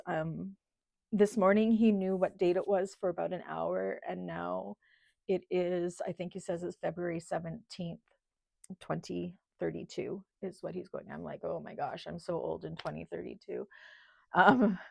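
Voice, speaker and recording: A middle-aged woman, a channel host in casual livestream chat, talking in a heartfelt, halting way with many ums while holding back tears. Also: lowish voice, vocal fry, a little mellow, no room sound. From Canada.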